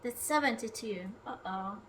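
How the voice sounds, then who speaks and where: A woman's voice: a little high, normal speed, a bit bright, distant mic, slight background noise. A woman streaming herself cooking at home, chatting casually, rambling, swearing often and talking to her food and her viewers. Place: home kitchen.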